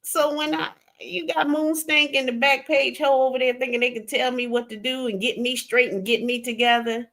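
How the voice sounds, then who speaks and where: Southern lady livestreaming, chatty storytelling, gets loud then drops to a whisper. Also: high-pitched, moderate pace, hardly any pauses. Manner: animated, drawling, swings between loud outbursts and hushed asides. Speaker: livestream host.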